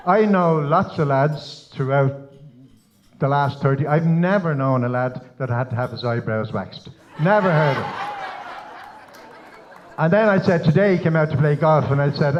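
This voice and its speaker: A man's voice: a little high, slight background noise. A middle-aged Irish man, the father of the bride, giving a teasing, joke-filled wedding speech at a reception. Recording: slightly dull lo-fi sound.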